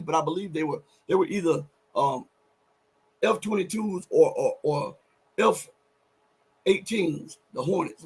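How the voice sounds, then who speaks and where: A man with a high pitch and a husky edge hosts a live political commentary show. His delivery is emphatic, sometimes rising to near-shouting for stress, and between those moments he rambles and corrects himself as he goes.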